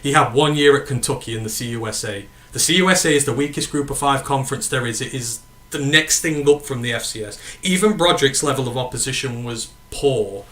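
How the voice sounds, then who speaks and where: A podcast host from northern England chats casually on a sports stream, reading live comments, answering viewers' questions and correcting himself as he goes. His mid-pitched voice sounds bright and forward. He talks briskly with hardly any pauses, rambling a little but never stopping.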